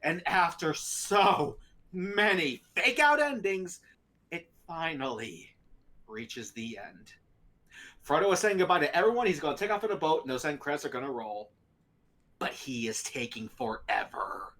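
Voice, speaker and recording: A talk show host telling a story in a casual, animated way and laughing often. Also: medium pitch, a little slow.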